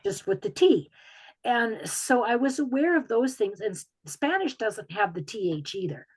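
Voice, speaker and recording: A woman's voice: on the high side, expressive, moderate pace, husky, poor audio. A woman from Michigan's Upper Peninsula with its accent, an author telling stories in a video call Q&A, chatty with frequent ums. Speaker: author guest. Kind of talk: casual talk in a video call Q&A.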